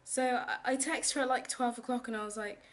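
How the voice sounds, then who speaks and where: A woman's voice: a little high, fairly even intonation, fairly quick, a little hiss or hum. A young woman chatting casually in a vlog, rambling with lots of fillers. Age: young adult. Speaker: vlogger teaching abroad. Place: home kitchen, indoors.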